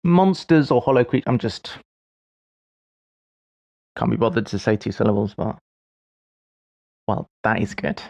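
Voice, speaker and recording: A man's voice: mid-range voice, expressive, unhurried, creaky, long pauses, darkish tone, no room sound. A man in his forties streaming live, muttering half-finished thoughts and chuckling at his own mistakes as he works through puzzles. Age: 40s. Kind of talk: thinking aloud while solving puzzles on a live stream.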